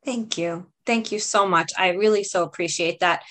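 A woman's voice: fairly low pitch, moderate pace, fairly bright tone. A woman hosting an interview podcast, thanking her guest effusively and closing the episode. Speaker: podcast host.

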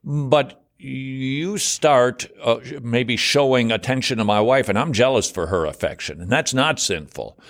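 A middle-aged man, a guest author on a ministry interview, explaining his points in a lively conversational way and breaking into mocking high-pitched voices. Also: unhurried, hardly any pauses. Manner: animated, acts out worried voices with sudden high pitch jumps.

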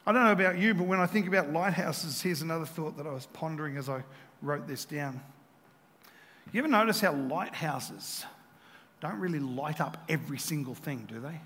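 A pastor preaching a sermon in a church, asking his listeners questions and moving between loud passages and hushed ones. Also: on the high side, normal speed. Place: church hall. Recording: reverberant church hall.

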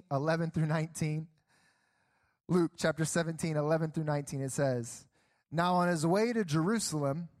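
High-voiced preacher man saying "okay?". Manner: energetic, keeps asking "okay?". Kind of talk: sermon. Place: church stage.

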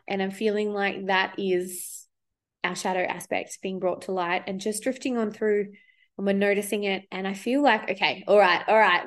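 Woman, medium pitch, spiritual podcast host, chatty and profane, recorded in a studio. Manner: chatty, swears freely, acts out inner voices. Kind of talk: casual spiritual podcast monologue. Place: studio with windows.

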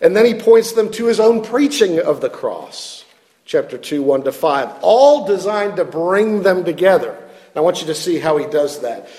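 Pastor in the pulpit: higher-pitched man, earnest and self-deprecating, long hall reverb. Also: expressive, normal speed, a little mellow. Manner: earnest, self-deprecating, repeats words when stressing points. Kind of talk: sermon.

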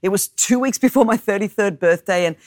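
A woman in her fifties from Australia, a guest preacher telling a personal story in an expressive sermon. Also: mid-range voice, a little fast, dry recording, studio quality. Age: 50s.

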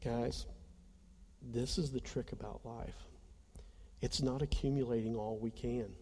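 A male pastor tells a personal story in an earnest, conversational sermon, addressing the congregation directly. His voice is mellow and warm, at a middle pitch. It rings with the long reverb of a large church hall. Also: steady tone, a little slow, breathy edge.

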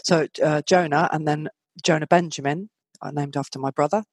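A woman's voice: low voice, steady tone, moderate pace, slightly rough, no echo. A woman hosting a podcast in casual chat, talking easily with trailing asides. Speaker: podcast host.

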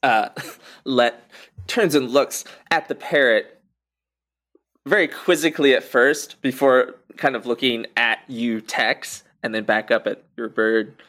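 A man narrates a tabletop role-playing game as its game master, taking his time. He speaks slowly at a middle pitch, filling pauses with frequent "uh"s as he describes the scene. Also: fairly bright tone. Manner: unhurried, frequent fillers.

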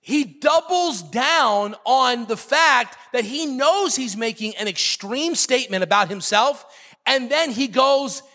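High, bright-voiced preacher in a hall. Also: male voice, animated, takes it slowly. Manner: emphatic, repeats key phrases, jokes with the congregation. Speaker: pastor. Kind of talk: sermon.

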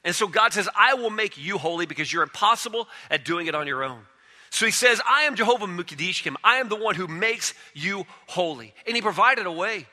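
High, bright-voiced preacher man in a reverberant hall. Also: lively intonation, fairly quick. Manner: conversational preaching, voice drops soft then swells in storytelling. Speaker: pastor. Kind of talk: sermon.

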